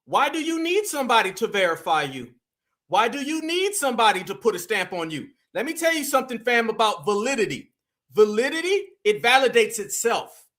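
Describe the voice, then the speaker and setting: A man hosting a live commentary show, mocking clips in animated slang. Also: very high-pitched. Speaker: host.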